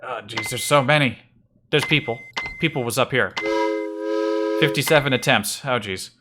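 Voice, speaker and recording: A man's voice: mid-range voice, normal speed, heavy background noise. A man streaming a video game, muttering to himself in wry, slightly frantic casual commentary.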